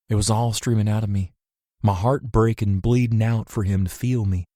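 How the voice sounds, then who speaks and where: A man reading first-person scripted narration in a measured, emotional way. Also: fairly low pitch, fairly even intonation, warm tone, no echo, clean studio sound. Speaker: audiobook narrator.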